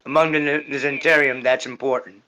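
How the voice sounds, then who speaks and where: A man's voice: mid-range voice, little pitch movement, fairly quick, pushed and bright, rough recording. Rambling man role-playing a lord. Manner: rambling, repeats "right?" constantly. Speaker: tabletop game player. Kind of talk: in-character role-play speech.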